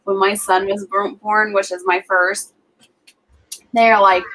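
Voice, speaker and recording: A woman's voice: mid-range voice, little pitch movement, slow pace, fairly bright tone, rough recording. Chatty young woman telling birth stories. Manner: chatty storytelling, frequent "like" fillers. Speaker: livestream co-host. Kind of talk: casual chat.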